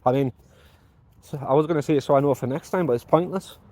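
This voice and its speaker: Holding his phone as he wanders outside by the mailboxes, a man chats casually to the camera, rambling along, muttering to himself and poking fun at himself. His voice sits on the high side, with a warm tone and a quick pace.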